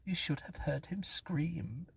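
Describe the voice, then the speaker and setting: A sly, mocking young ghost woman, as a man puts her on, light and raised in pitch with a breathy, husky edge. She teases and goads in a lively sing-song, and the storybook voice sits close and dry. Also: slow, no echo, heavily acted. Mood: teasing, goading. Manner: teasing, scornful, mischievous.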